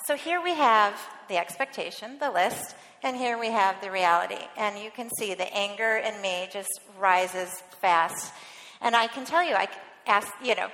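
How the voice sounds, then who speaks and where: Woman, 30s, church speaker telling a personal story in a sermon; middle pitch, echoey hall. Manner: earnest and warm storytelling. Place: church sanctuary. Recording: long reverb of a large hall.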